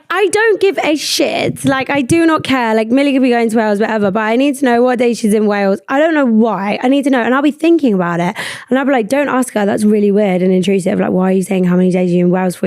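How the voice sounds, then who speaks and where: A young woman hosting a podcast, talking in a rambling, animated way and swearing freely. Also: fairly high pitch, no room sound, clean studio sound. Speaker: podcast host. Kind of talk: casual chat.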